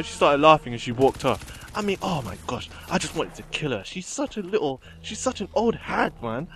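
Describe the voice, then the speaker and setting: A man's voice: fairly high pitch, very animated, brisk. A young man chatting casually and giggling while commenting over gameplay. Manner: chatty, giggly, rambling with fillers. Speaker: gaming commentator.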